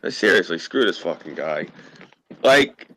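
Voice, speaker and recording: A man's voice: low voice, expressive, unhurried, a bit bright, slight background noise, low-quality recording. A man from Queens with a New York accent, hosting a casual online chat and telling brash, profane stories. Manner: brash storytelling, swears freely.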